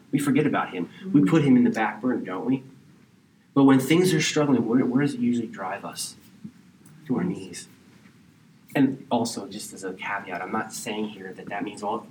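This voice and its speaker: A man preaching a sermon in a church, talking in a conversational way that sometimes drops to a hushed near-whisper. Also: mid-range voice, roomy sound. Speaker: pastor. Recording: distant mic with faint background hiss.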